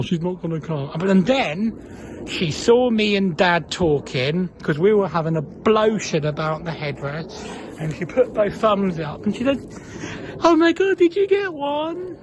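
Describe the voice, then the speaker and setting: Earnest, chatty high-voiced young man. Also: measured pace, background noise. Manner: earnest, chatty, retells scenes by acting out quoted voices. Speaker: vlogger. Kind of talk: casual storytelling.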